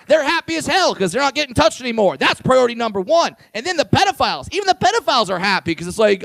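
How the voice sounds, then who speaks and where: A man in his twenties doing a brash, crude stand-up set, shouting his punchlines. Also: very high-pitched, very animated, fast talker, creaky, hardly any pauses, no room sound. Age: 20s. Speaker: stand-up comedian.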